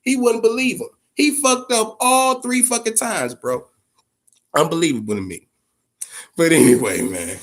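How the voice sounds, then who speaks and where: A man with a bright, forceful voice on the high side hosts a casual live-stream chat. He swears freely, rambles, repeats himself for emphasis, and addresses his viewers directly.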